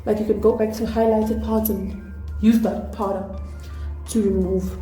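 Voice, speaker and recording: A South African woman doing a put-on Nigerian accent, chatting excitedly and laughing at herself through a makeup tutorial. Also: mid-range voice, unhurried. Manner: chatty, excitable, self-deprecating. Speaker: beauty vlogger. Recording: echoey room with faint music.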